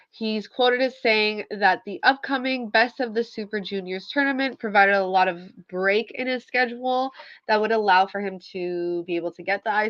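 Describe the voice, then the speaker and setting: A woman hosting a casual news update, chatty and relaxed, with lots of fillers and small laughs. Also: mid-range voice, dry recording. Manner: chatty, filler-heavy, with self-aware laughs. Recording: dull lo-fi dry audio.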